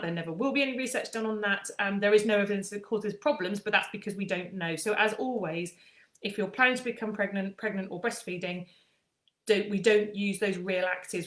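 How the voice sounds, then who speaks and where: A woman chatting casually through a skincare explanation, often pausing on fillers and restarting. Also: mid-range voice, fairly bright tone, echoey room. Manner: chatty, with frequent ums and restarts. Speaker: skincare aesthetician.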